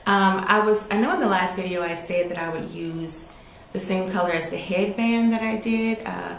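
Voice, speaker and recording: A woman's voice: mid-range voice, normal speed, creaky, roomy sound, slight background noise, rough recording. A woman co-hosting a podcast, chatting with enthusiasm about her knitting and often trailing off. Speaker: podcast co-host. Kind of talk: casual chat about knitting.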